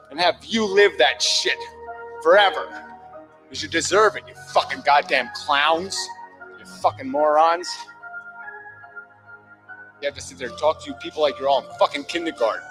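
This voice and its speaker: A man's voice: fairly high pitch, fairly bright tone, rough recording. A man delivering a furious, heavily profane monologue, berating his listeners. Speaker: commentator. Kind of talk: angry monologue rant.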